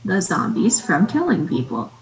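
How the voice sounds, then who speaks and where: A woman's voice: medium pitch, wildly swooping pitch, normal speed, poor audio. Gira, a woman playing a hesitant young adventurer. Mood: nervous, awkward. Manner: nervous, rambling, hedging.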